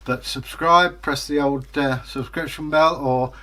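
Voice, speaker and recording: Older man, 60s, relaxed rambling co-host with a mid-pitched voice. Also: a little slow. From England. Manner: rambling, anecdotal, easygoing. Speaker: co-host reading viewer comments. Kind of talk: casual chat.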